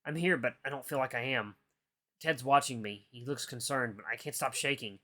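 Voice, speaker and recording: A man's voice: mid-range voice, a little fast. A man hosting a gaming channel, reading a visual novel aloud in first person and tossing in casual asides. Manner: expressive, casual asides between narration. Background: faint guitar music.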